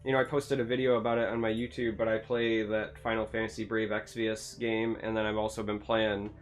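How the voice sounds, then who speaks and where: A man's voice: on the low side, little pitch movement, a little fast, soft background music. A man hosting a casual gaming podcast, enthusiastic and rambling, with lots of "like" and "um". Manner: enthusiastic, rambling, many fillers like "like" and "um". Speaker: podcast host.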